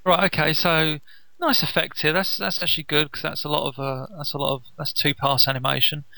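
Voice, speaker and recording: Bright gravelly man. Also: fairly high pitch, brisk, no room sound, poor audio. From United Kingdom. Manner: animated, sarcastic, laughs often, acts out quoted lines. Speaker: podcast co-host. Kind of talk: casual cartoon commentary.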